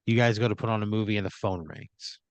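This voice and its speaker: Smooth-voiced man spinning an improvised story. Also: fairly low pitch, fast talker, no room sound, lo-fi sound. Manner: second-person narration with frequent filler "you know". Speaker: podcast host.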